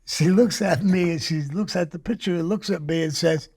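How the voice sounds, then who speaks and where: An older man tells a story, animated and profane. His voice sits a little high and has a gravelly rasp. He slips into the other people's voices as he quotes them. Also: normal speed. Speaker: guest. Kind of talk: casual storytelling.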